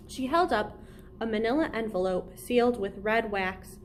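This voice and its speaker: A woman with a fairly high voice reads a middle-grade adventure novel aloud, as a children's librarian would. Her delivery is clear and steady, and a faint hiss sits under the recording. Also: moderate pace.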